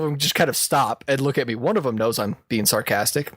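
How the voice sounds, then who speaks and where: A man's voice: medium pitch, a little fast, a bit bright, no echo, clean studio sound. A man co-hosting a podcast, telling a work story in casual chat and laughing often as he goes. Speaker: podcast co-host.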